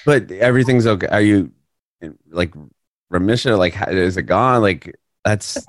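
A man's voice: lowish voice, moderate pace, no room sound, studio quality. A man interviewing a guest casually over a video call, asking sympathetic, rambling questions that restart mid-sentence.

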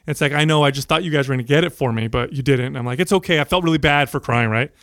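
A man's voice: medium pitch, rapid-fire, fairly bright tone, dry recording, studio quality. A man, around forty, telling a childhood story in casual chat with friends, swearing freely. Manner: storytelling, swears often, acts out quotes.

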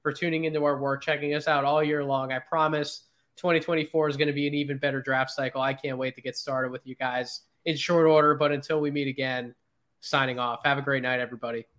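A man hosting a basketball draft stream, excitable and prone to giggling. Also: mid-range voice, fast. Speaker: stream host. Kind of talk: casual podcast chat. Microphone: home mic on a video stream.

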